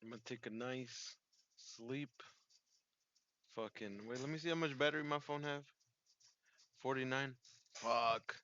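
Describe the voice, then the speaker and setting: A man's voice: medium pitch, a little slow, long pauses, sharp tone, muffled recording, slight background noise. A young man on a stream, talking in a tired, mumbling, profane way. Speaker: stream friend. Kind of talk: casual chat.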